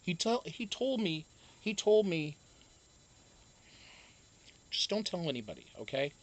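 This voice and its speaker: A livestream host chats casually and reads viewer comments aloud, swearing freely, joking, laughing often and saying um a lot. The voice is medium pitched and unhurried, with big pitch swings.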